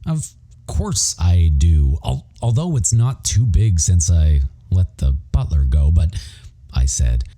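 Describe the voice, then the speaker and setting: A man's voice: low-pitched, expressive, slow, warm tone. A man narrating a romance audiobook in first person, wry, profane and self-mocking.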